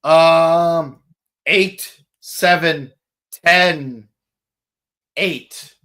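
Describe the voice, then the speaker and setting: Male podcast co-host, unhurried, rambling, jokey. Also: fairly high pitch, sharp tone. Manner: rambling, joking, many restarts and fillers. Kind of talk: casual podcast chat.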